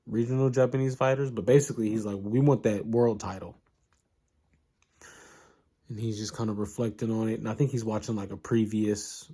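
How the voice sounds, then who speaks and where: A man casually recapping an anime in a relaxed, slangy way, full of asides and fillers. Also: on the low side.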